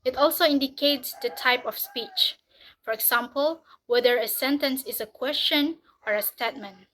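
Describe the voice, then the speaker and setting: A woman with a somewhat high voice reads her section of a class presentation. Her delivery is steady and measured, with each phrase read as written. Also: a little hiss or hum, poor audio. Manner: steady, even reading of prepared text. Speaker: student presenter.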